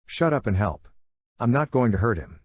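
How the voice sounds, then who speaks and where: A man reading the lines of a kind, brave teenage girl in an audiobook, quick and reassuring. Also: medium pitch, big pitch swings, a little mellow, dry recording. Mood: earnest.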